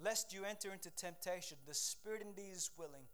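A man preaching a sermon with passion, repeating phrases and dropping his voice low when he quotes scripture. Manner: impassioned, rising to near-shouts, then dropping low for scripture; rapid asides and repetitions.

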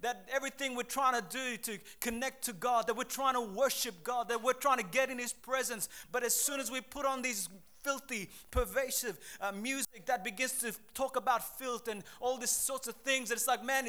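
A young man preaching a sermon in an energetic, conversational and emphatic way. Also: extremely high pitch, normal speed, few pauses.

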